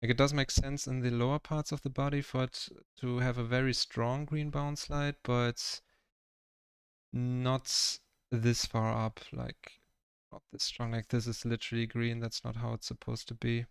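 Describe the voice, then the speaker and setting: Flat, gravelly German-accented man. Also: mid-range voice, unhurried, dry recording. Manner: rambling, filler-heavy, self-conscious about his English. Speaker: streamer painting live. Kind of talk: casual livestream chat.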